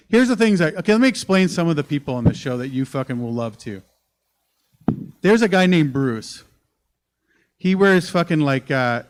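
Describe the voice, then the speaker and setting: A man performs stand-up on a comedy club stage, rambling through a profane, animated story. His voice sits a little high for a man and comes through a handheld stage mic. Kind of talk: live stand-up set.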